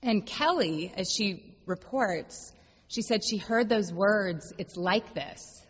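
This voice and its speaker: A woman pastor delivering a reflective sermon, telling a story gently and slowing down for quiet, emphatic refrains. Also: medium pitch. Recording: dull lo-fi sound with long hall reverb.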